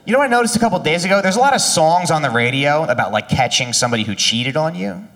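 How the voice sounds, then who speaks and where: A man doing a stand-up comedy set, telling deadpan one-liners and slipping into mock voices. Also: a little high, fast talker, distant mic. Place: comedy club stage.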